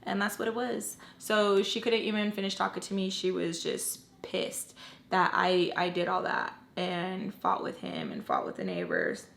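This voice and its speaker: A woman telling a personal storytime, candid and blunt, swearing freely and dropping low and quiet at emotional moments. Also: lively intonation, a little slow, creaky. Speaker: storytime vlogger. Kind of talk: casual storytelling.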